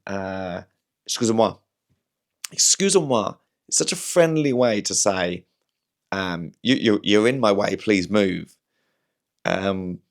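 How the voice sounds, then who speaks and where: A young man with a Berkshire accent from southern England, chatting casually in a rambling, self-deprecating way as a comedian hosting his show. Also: fairly low pitch. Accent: southern English, Berkshire. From Slough, England. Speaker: comedian host. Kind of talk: casual storytelling chat.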